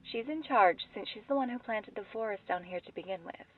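A woman voicing a calm female guide who explains things to the hero over the radio, in a matter-of-fact way. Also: mid-range voice, fairly quick, phone-quality sound, lightly acted. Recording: distant-sounding voice.

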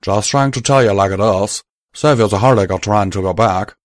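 Man doing a drawling gruff pony gunslinger. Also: lowish voice, normal speed, no room sound, studio quality, close to an everyday voice. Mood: firm. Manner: firm, blunt, drawling. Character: gruff male pegasus stallion gunslinger, drawling.

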